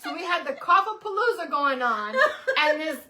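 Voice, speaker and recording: A woman's voice: high voice, animated, moderate pace, pushed and bright, a little hiss or hum. A woman co-hosting a casual chat show, telling stories in slang and laughing often. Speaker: podcast co-host.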